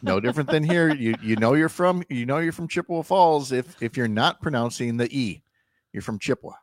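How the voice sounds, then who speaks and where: A man's voice: mid-range voice, fairly quick, no room sound, clean studio sound. A man hosting a radio talk show, chatting casually with many fillers and restarts. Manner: rambling, lots of fillers and restarts.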